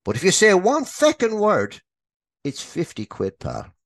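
A man's voice: sits high, huge pitch swings, measured pace, no room sound, clean studio sound, pitched above the performer's own voice, exaggerated voice. A man voicing a blustering male stunt pilot in a spoken joke, cursing and exasperated. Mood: bargaining. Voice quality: exasperated, swearing.

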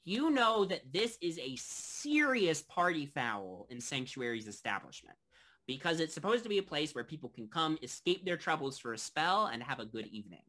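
A man narrating as game master of a tabletop game, halting and loose, with many fillers. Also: fairly high pitch, sing-song, bright, forceful tone.

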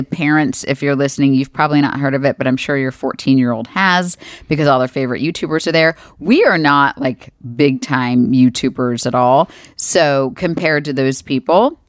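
Woman, 40s, podcast co-host; low-pitched, chatty, animated storyteller, dry close sound. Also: no room sound. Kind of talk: casual chat.

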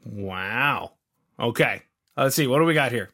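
A man's voice: mid-range voice, animated, unhurried, pushed and bright. Canadian guy hosting a podcast, loose and jokey, kinda rambly. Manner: playful, rambling, self-mocking. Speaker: podcast host. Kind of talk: casual interview chat.

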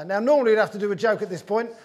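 A man's voice: high-pitched, very fast, darkish tone. A man hosting a comedy football panel show, bantering with guests and making wry jokes. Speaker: host. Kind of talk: comedy sports panel chat.

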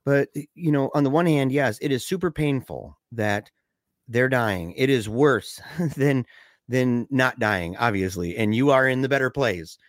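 Animated man with frequent restarts. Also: measured pace, no echo, studio quality. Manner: animated, pitch jumps up when excited, drops low and quiet for somber stories; frequent restarts and stammers, says "you know" and "man". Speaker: podcast co-host discussing a film. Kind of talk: casual conversational discussion.

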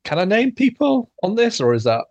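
A man's voice: sits high, very animated, brisk, no echo, dull audio. A young man, hosting a podcast and telling a rambling, sweary story with laughs. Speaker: podcast host. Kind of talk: casual storytelling chat.

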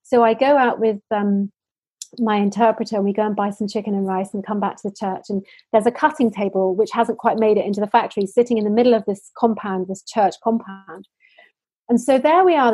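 A woman's voice: mid-range voice, dark tone, breathy edge, dry recording. A woman from the United Kingdom, a social enterprise founder, answering interview questions in earnest stories full of restarts and fillers.

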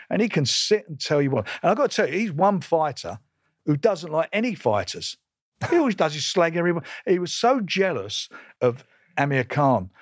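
A man's voice: mid-range voice, no echo. Older man, blunt, emphatic, repeats himself, dry recording. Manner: emphatic, repetitive, combative, stumbles and restarts. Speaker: boxing promoter, guest. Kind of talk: blunt interview storytelling.

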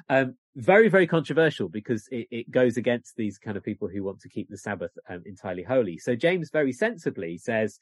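A man's voice: medium pitch, fast, few pauses, husky, no echo, studio quality. Chatty man telling history. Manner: chatty, animated storytelling with laughs. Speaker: guest author. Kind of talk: casual podcast chat.

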